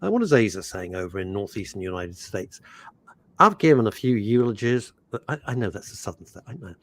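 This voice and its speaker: An older man hosting a radio show, chatting in an animated, rambling way that jumps between topics. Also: low-pitched, quick pace. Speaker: radio host. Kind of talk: casual radio chat. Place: radio studio.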